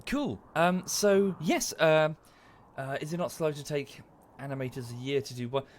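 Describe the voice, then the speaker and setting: A man's voice: fairly high pitch, animated, normal speed, a little hiss or hum. A man chatting casually to viewers during a livestream, rambling and thanking them as he goes.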